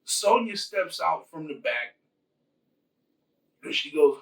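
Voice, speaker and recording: A man's voice: fairly high pitch, expressive, measured pace, pauses often, a bit bright, recorded from a distance, poor audio. A man casually retelling a movie plot in a loose, rambling, profane way. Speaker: host.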